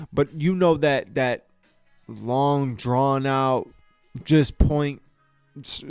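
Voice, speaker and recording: A man with a clear, resonant, medium-pitched voice, recorded without echo, hosts a podcast from a studio. He gives a casual fight review, exasperated and profane, stammering and restarting sentences.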